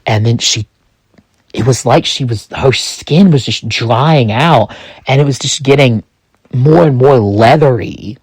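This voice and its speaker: A man narrating a dark first-person story in a halting way, full of restarts and pauses. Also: mid-range voice, husky, dry recording.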